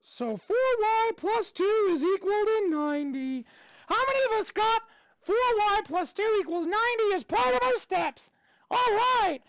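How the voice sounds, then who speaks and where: A cheerful, squeaky cartoon mouse in class, high and bright in falsetto. He bounces upbeat through the lesson with lively swoops of pitch. The sound is close and dry. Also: a little slow, no room sound, heavily acted. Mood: cheery. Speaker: math teacher.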